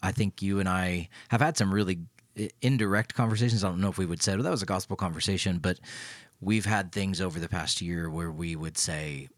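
A middle-aged man from Tennessee co-hosts a faith podcast with a very low voice. He chats in a playful, teasing way. The sound is dry, with no room echo at all. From Tennessee, US South. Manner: playful, teasing, quick to laugh. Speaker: podcast co-host, pastor. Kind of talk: casual conversation.

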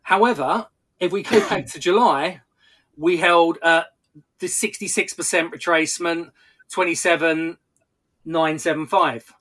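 Bright, tense-toned male market analyst. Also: a little high. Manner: measured, explanatory, occasional stumbles and restarts. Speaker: technical analyst.

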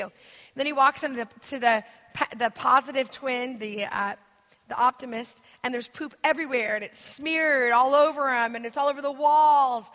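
An American woman with a high, fairly bright voice and moderate pace delivers an interactive sermon as a guest minister in a church hall. Her storytelling is chatty, rambling and filler-heavy, and the hall's long reverb lingers on every word.

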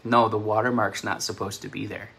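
Bright-voiced New York man, chatty and rambling. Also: fairly low pitch, little pitch movement, brisk, vocal fry, breathy edge. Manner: chatty, rambling, laughs at himself. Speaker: self-described prophetic channel host. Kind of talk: casual spoken prophecy update.

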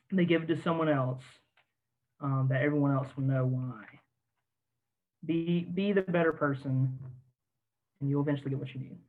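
A man with a slightly high voice speaks earnestly and at a measured pace, often pausing on "um" and correcting himself. He sounds like an army officer joining a podcast, and the audio comes through a thin, tinny, phone-like line. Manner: earnest, measured, frequent ums and self-corrections. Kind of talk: casual podcast discussion.

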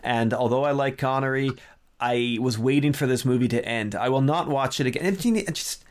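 Casting: man, mid-pitched, opinionated film critic, animated, casual podcast chat. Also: fairly quick. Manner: opinionated, animated, frequent restarts. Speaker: film review podcast host.

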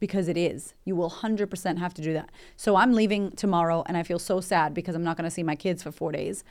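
A woman's voice: lowish voice, fairly even intonation, quick pace, a little mellow. A woman, hosting a motivational podcast in a candid, emphatic, chatty way with swearing. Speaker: podcast host and coach.

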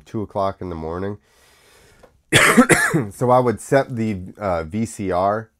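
Host, American man, unhurried and rambling, sick with a cough. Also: on the low side. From United States. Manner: rambling, with many fillers and restarts. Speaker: podcast host. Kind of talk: casual solo talk show.

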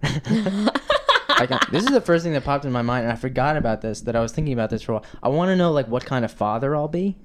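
A young man on a podcast as a guest, speaking earnestly and haltingly with many fillers. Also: mid-range voice, expressive, background noise. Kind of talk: casual chat.

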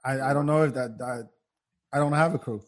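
A man's voice: mid-range voice, brisk. A man co-hosting a casual podcast chat, amused and rambling, often laughing mid-sentence. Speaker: podcast co-host.

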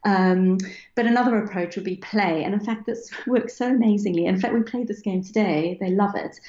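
A woman's voice: medium pitch, normal speed, warm tone. A woman answering interview questions about raising children, explaining earnestly and sometimes acting out playful parent voices. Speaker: parenting expert guest. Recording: roomy, dull lo-fi sound.

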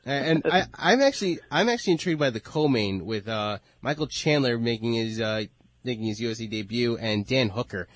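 A man's voice: medium pitch, lively intonation, brisk, dry recording. A male radio host asking questions and bantering playfully in a sports talk show.

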